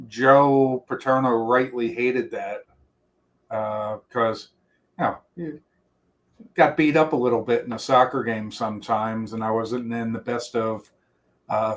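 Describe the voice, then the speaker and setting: Rambling middle-aged man telling stories. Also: mid-range voice. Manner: rambling storyteller with many restarts and quoted voices. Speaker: guest. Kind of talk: reminiscing interview talk.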